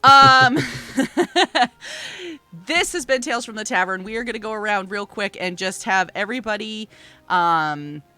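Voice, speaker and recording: A woman hosting a livestream chat with a clear, bright tone. She laughs often and keeps things upbeat as she steers the talk between guests. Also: mid-range voice, animated, measured pace, no echo. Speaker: host.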